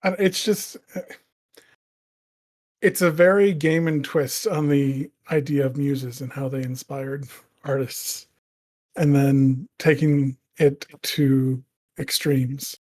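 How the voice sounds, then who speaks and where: A man's voice: medium pitch, level tone, takes it slowly, a little mellow. A man co-hosting a casual podcast discussion, asking probing questions and thinking aloud. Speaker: podcast co-host.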